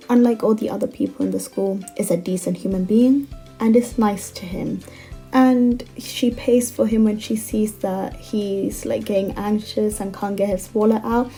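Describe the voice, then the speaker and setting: A woman's voice: mid-range voice, warm tone. A young woman casually recapping a manga, talking in a chatty way with lots of "like" fillers and exasperated asides. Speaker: manga commentator.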